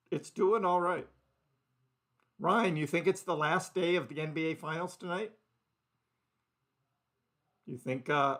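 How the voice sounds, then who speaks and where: A man's voice: on the high side, a bit bright. A man hosting a casual live crypto stream into a desk microphone, rambling chattily, laughing often and talking to his chat viewers by name. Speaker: crypto livestream host. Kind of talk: casual live market commentary.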